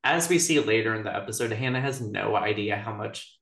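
A woman's voice: a bass voice, brisk, vocal fry. A woman co-hosting a podcast in casual chat, talking loosely and filling her sentences with "like". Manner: chatty, leans on "like" as a filler. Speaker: podcast co-host. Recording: echoey room.

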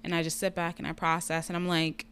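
A woman's voice: on the low side, fast talker, slight background noise. A woman telling a personal story in casual chat, candid and profane. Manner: candid, profane, lively retelling.

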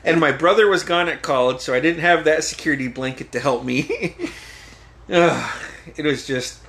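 A man's voice: on the high side, normal speed, vocal fry, a bit bright. A man guest on a podcast, telling stories casually, swearing freely and laughing often. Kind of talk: casual storytelling.

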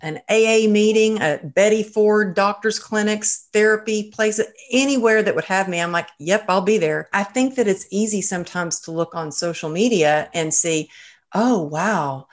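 A woman hosting an interview, telling lively stories and acting out the people she quotes. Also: mid-range voice, moderate pace. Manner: lively anecdotal storyteller, acts out quoted voices. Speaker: podcast host. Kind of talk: casual storytelling in an interview.

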